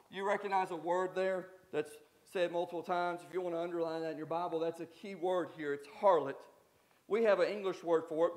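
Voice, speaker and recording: Southern man preaching in church, folksy humor, builds to shouts, voice pitched very high. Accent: Southern American. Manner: swings from quiet asides to shouted emphasis; folksy, joking. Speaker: guest preacher. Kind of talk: sermon. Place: church sanctuary.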